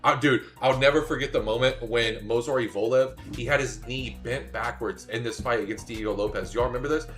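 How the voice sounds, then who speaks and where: A man talks fight bets with loud, swearing excitement, often rising into shouts. His voice is bright and forceful, with faint music playing underneath. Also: medium pitch, a little fast, hardly any pauses. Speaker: podcast co-host, betting analyst. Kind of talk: hyped casual sports betting talk.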